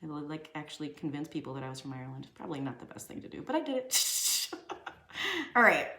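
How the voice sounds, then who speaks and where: A young woman art teacher with a deep, bright, forceful voice speaks quickly with lively intonation. During her casual drawing lesson she chats, jokes and talks to herself while shading, recorded in an echoey room.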